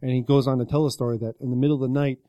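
A man talking fast in a mellow, dark tone, rambling through a long anecdote full of "like" and quoted lines. The sound is dry and close, like a small podcast studio. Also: medium pitch, little pitch movement, dry recording. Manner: rambling retelling with many likes and quoted voices. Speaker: podcast co-host. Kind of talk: casual storytelling chat.

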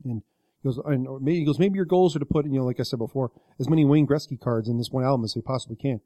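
A man talking fast in a mellow, dark tone, rambling through a long anecdote full of "like" and quoted lines. The sound is dry and close, like a small podcast studio. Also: medium pitch, no room sound. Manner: rambling retelling with many likes and quoted voices. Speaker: podcast co-host. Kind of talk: casual storytelling chat.

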